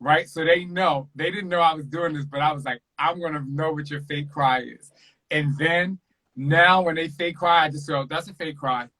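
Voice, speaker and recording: A man chatting earnestly about fatherhood, animated and acting out quotes as a guest on a video call. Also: fairly high pitch, moderate pace, low-quality recording. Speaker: podcast host and father, interview guest. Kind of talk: casual interview chat.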